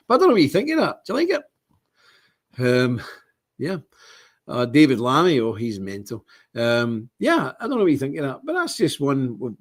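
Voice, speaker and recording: Husky, indignant Scottish man. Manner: rambling, indignant, lots of restarts and big pitch swings. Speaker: livestream host. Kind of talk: casual live-stream monologue.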